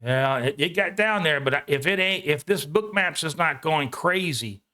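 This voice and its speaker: A man hosting a live trading session from home, thinking out loud about each trade in an excitable, casual way with the odd swear. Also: a little high. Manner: excitable, talks fast to himself while trading, swears casually.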